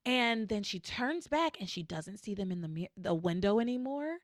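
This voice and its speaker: A woman hosting a podcast in casual recap chat, animated and acting out characters in shrill voices. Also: moderate pace, hardly any pauses, dry recording, studio quality. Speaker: podcast host.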